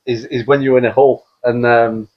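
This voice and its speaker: A man's voice: mid-range voice, little pitch movement, fairly quick, lo-fi sound. A man hosting a podcast, making jokey comments while his guest tells a story. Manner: jokey interjections. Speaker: podcast host. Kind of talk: casual chat.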